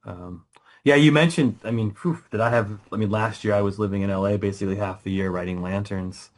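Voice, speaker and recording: A man, a guest writer in a casual interview, telling stories with lots of restarts, quick laughs and rising excitement. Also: fairly low pitch. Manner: animated storytelling, many restarts, laughs often.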